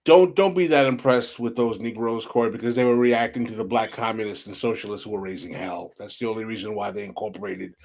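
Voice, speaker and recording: A man hosting an interview podcast, asking questions in an emphatic, provocative and animated way. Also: on the low side, fast, few pauses. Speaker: podcast host.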